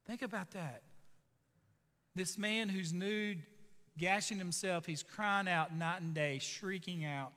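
A man with a high, bright voice preaches a sermon, emphatic and repetitive as he presses each point home. His voice carries a long reverb, as if in a large hall. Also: slow. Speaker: pastor.

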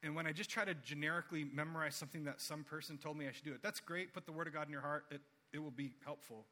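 A man in his thirties preaching a sermon, earnest and conversational, acting out quoted voices with big jumps. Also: racing. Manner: animated storytelling, acts out quotes with big pitch jumps. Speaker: pastor.

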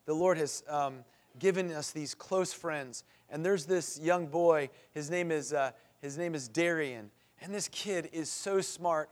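A middle-aged man preaching a sermon as pastor, earnest and building to impassioned pleas. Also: a little high.

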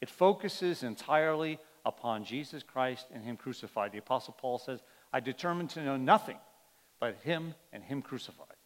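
A man's voice: mid-range voice, animated, normal speed. A man preaching a sermon as pastor, earnest and emphatic, often letting his voice drop at the end of a point. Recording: long hall reverb.

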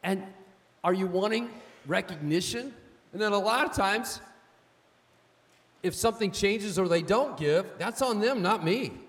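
A man with a fairly high voice preaches with emphatic storytelling, often asking "amen?". His voice trails off into a long reverb, as in a church sanctuary. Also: unhurried, long pauses, a bit bright. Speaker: pastor. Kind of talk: sermon.

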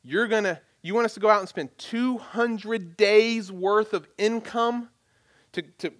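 A man preaching a sermon in a relaxed, conversational way. His voice sits a little higher than most men's, and he acts out the quoted voices in the story. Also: unhurried. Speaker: pastor.

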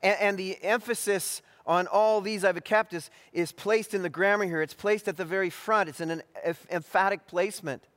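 A man with a fairly high voice preaches an expository sermon in a measured, deliberate way, often restarting and filling pauses. His voice carries a long reverb from a hall. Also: fairly even intonation, fairly bright tone. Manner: measured, deliberate delivery with frequent restarts and fillers.

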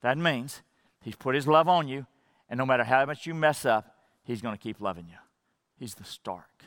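A man preaching a sermon as pastor, swinging from fervent rising emphasis to hushed low drops and repeating phrases to drive points home. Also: lively intonation, moderate pace, dry recording, studio quality.

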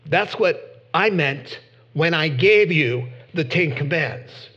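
A man preaching a sermon in an animated, emphatic way, with sudden loud bursts. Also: fairly high pitch, normal speed, dull audio. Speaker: pastor.

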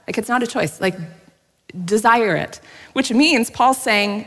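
A woman's voice: on the high side, unhurried, fairly bright tone. A woman pastor giving a sermon, telling a personal story candidly, laughing at herself now and then. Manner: candid, self-deprecating storytelling with frequent laughs. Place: church sanctuary. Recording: long hall reverb.

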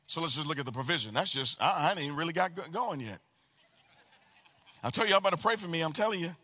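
High, bright-voiced preacher man in a reverberant hall. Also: fast talker. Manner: animated preaching with call and response to the congregation. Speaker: pastor. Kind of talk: sermon. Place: church sanctuary. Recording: long reverb of a large hall.

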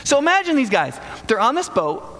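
Lively, bright-voiced male preacher in a hall. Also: very high-pitched, fairly quick. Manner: casual, humorous storytelling with acted-out voices. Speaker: pastor. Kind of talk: sermon. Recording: long hall reverb.

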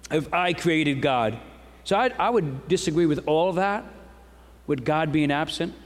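A man's voice: fairly high pitch, expressive, a little slow. A man delivering a Sunday sermon as pastor, speaking earnestly and emphatically, posing rhetorical questions to the congregation. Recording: long hall reverb.

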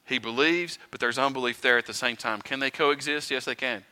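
A man preaching a sermon in a conversational way, asking the listeners rhetorical questions and swinging between quiet and loud. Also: mid-range voice, a little fast, clean tone. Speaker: pastor. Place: church sanctuary.

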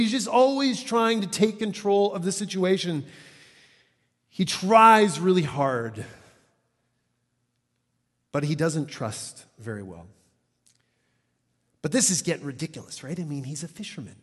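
A male preacher who gives his sermon in a loose, conversational style, his voice pitched a little high for a man. He acts out the quoted lines with animated energy. A long reverb trails behind his words. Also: unhurried, long pauses.

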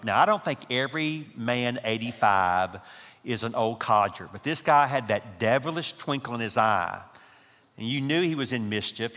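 A man with a medium-pitched, pushed and bright voice delivers a humorous, folksy sermon at a marriage conference. He tells stories with Southern phrasing, and the church conference hall adds hall reverb.

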